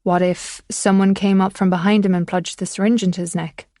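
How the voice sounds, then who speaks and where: A woman narrator voicing a quiet, inquisitive male police detective. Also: mid-range voice, little pitch movement, fairly quick, no room sound, studio quality, natural voice. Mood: probing.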